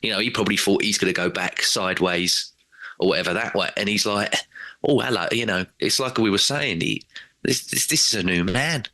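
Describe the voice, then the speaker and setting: A man talking football as a regular on a casual podcast, animated and rambling, often acting out quotes in other voices. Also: on the low side, a little fast, dry recording.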